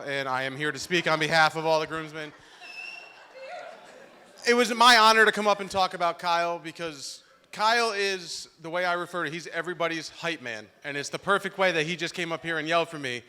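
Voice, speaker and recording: A man's voice: high voice, clear, resonant tone. A young man giving a joking, heartfelt groomsman's toast at a wedding reception, speaking into a handheld microphone. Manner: loud, joking, emotional storytelling.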